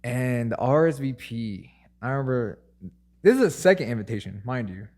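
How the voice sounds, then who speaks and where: A man's voice: medium pitch, lively intonation, normal speed, darkish tone. A young man chats on a casual podcast in a mid-range voice, telling a rambling story. He acts out the lines of the people in it. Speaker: podcast co-host. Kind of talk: casual chat.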